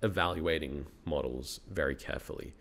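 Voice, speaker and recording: Deep-voiced Australian man, reflective. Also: brisk, a bit bright. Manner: reflective, thinks aloud, laughs often. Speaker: guest, university researcher. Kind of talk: casual interview conversation.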